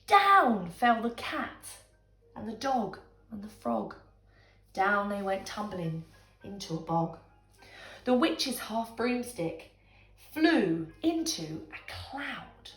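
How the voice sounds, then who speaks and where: A woman reading a bedtime story aloud in a dramatic, animated way, dropping into whispers, in an echoey room with faint music. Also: medium pitch, slow, pauses often.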